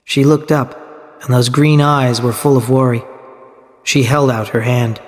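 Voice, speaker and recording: A man's voice: medium pitch, steady tone, a little slow. Man reading a story steadily in a reverberant hall. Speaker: narrator. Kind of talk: scripted story narration for learners.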